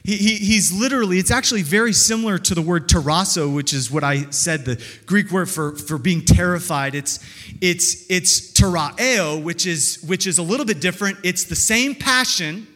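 High-voiced pastor preaching in a reverberant hall. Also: male voice, normal speed, pushed and bright. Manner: earnest, conversational preaching with frequent restarts and rhetorical questions. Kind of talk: sermon.

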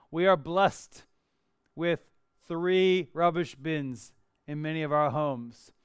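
Man, pastor preaching, high voice, smooth clear tone, dry close sound. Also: no echo. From Australia. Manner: conversational, animated preaching with acted-out asides. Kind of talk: sermon.

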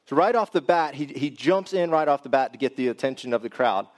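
A man's voice: mid-range voice, lively intonation, fairly quick. A man preaching a sermon, reading scripture and then explaining it in a conversational way that speaks directly to the congregation.

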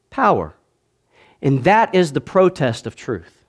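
Male pastor with a higher voice; preaches in swells from loud to hushed, prompts the congregation to respond. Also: sing-song, slow pace, pauses often. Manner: swings between loud declaiming and quiet asides; calls on the congregation to answer back. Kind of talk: sermon.

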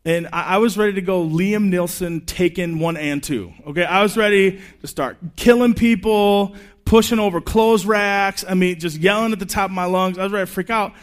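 A man in his thirties preaching a sermon in a conversational way, telling personal stories with quick asides. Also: sits high. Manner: animated, chatty storytelling with quick asides. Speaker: pastor.

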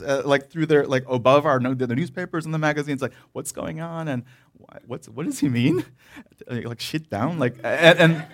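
A man preaching a sermon, telling a personal story with laughing asides and frequent restarts. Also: fairly high pitch. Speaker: pastor.

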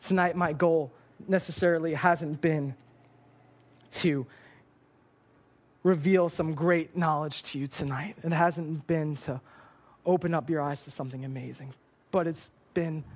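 A young man preaching a sermon from a church stage, earnest and emotional, often repeating words as he is moved. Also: on the high side.

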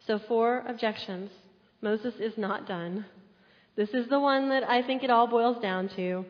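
A woman's voice: fairly high pitch, a little slow. Lady pastor preaching, acts out the quotes, sound kinda muffled and echoey. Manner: animated storytelling with acted-out quotes. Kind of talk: sermon.

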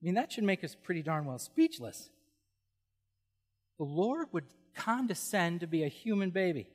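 A middle-aged male pastor preaching with lively humor and frequent exclamations of awe. His voice sits a little higher than most men's and rings with the long reverb of a big hall. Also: moderate pace, faint music behind. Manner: animated, humorous, exclaims "whoa". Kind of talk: sermon.

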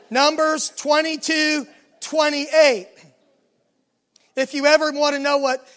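A man preaching a sermon, retelling a scripture story in lively, casual words and acting out the dialogue. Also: very high-pitched. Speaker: pastor.

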